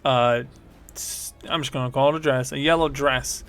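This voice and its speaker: A man's voice: mid-range voice, steady tone, normal speed, a bit bright, clean tone, soft background music. A man narrating as game master of a tabletop game, rambling, with many fillers and self-corrections.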